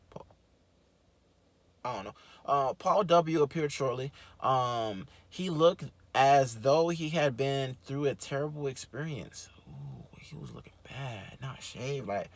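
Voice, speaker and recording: A man hosting his own show, reading a book aloud and breaking off into animated, slangy, swearing commentary. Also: mid-range voice. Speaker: host.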